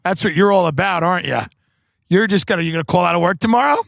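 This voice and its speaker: A man's voice: high voice, fast talker, vocal fry, fairly bright tone, no room sound, clean studio sound, full character voice. A man putting on a cheeky teenage boy who needles his parents in a taunting, sing-song way. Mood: needling.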